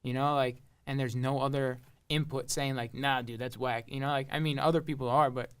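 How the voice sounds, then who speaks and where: A young man from Long Island with a smooth, clear voice chats loosely about his music. He rambles, piling up fillers and curse words between thoughts. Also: mid-range voice, level tone, a little fast. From Long Island, New York. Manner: rambling, heavy on fillers and swearing. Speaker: rapper and producer guest. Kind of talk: casual interview chat.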